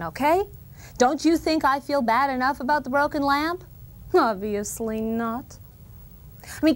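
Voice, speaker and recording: Woman voicing a precocious young girl, earnest, mock-formal speechmaking, raised pitch, comic monologue. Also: close to an everyday voice. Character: earnest precocious little girl lecturing her parents. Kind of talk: comedic monologue.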